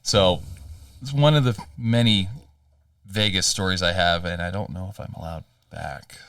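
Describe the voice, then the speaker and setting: Low voiced guy rambling a sweary story, sounds a bit far from the mic. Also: moderate pace, fairly bright tone, dry recording, studio quality. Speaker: podcast co-host. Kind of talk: casual chat.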